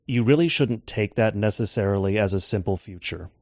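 A man giving a measured lecture on scripture translation, slowing down to quote texts. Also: on the low side, darkish tone, dry recording. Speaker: Bible teacher. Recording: dull dry lo-fi audio.

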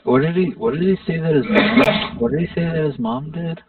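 A man's voice: on the high side, a little fast, recorded from a distance, narrow, tinny audio. A man thinking aloud with many hesitations during casual voice-chat banter.

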